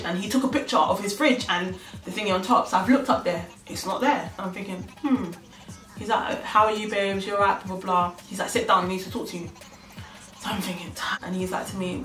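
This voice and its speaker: With a fairly low but bright voice, a young woman vlogger casually recounts a story in slang, voicing both sides herself. It's recorded in an echoey room from a distance, with faint music behind.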